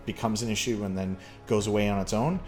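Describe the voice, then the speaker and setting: A man's voice: on the low side, steady tone, fast talker, a little mellow, soft background music. A man from Canada hosting a casual chat, rambling through a story with lots of fillers. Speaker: podcast host.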